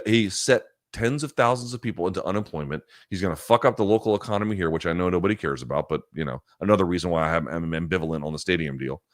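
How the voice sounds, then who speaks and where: A very low-voiced man hosts a live chat stream, reading viewer questions and launching into heated, profane rants. He talks loosely, with fillers and restarts, into a close mic with a dry, dead sound. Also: no echo. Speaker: live chat show host. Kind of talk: casual livestream chat answering viewer questions.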